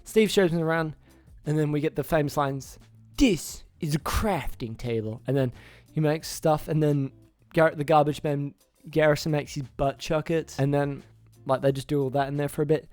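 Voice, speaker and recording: Young-sounding male reviewer, slightly high voice, loose rambling recap over faint music. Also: level tone, moderate pace, a little mellow, smooth, dry recording. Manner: rambling, restarts names, acts out character lines. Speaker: YouTuber reviewing a film. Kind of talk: casual film plot recap.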